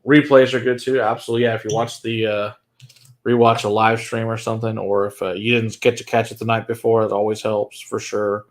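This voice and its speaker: A man's voice: lowish voice, little pitch movement, a little fast, a little hiss or hum. A man hosting a whiskey livestream, chatting casually with viewers, answering their comments and laughing often.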